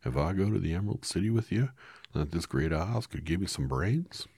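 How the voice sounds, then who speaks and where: A man voicing a friendly, naive talking scarecrow with a husky voice in a read-aloud storybook. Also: low voice, expressive, a little fast, a little mellow, dry recording, voice pushed up, heavily acted. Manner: cheerful, polite, naive. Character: friendly talking male scarecrow, simple and polite.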